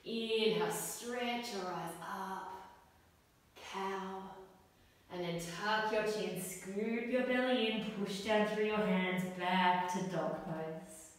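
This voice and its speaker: A young adult woman teaching a guided yoga class for children, giving gentle, encouraging step-by-step cues. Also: mid-range voice, slow. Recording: echoey hall, voice from far off.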